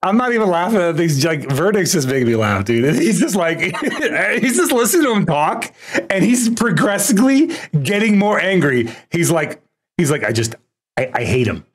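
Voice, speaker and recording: A man's voice: high voice, sing-song, normal speed, slightly rough. A man doing casual live-stream commentary while reacting to a video, laughing often and teasing.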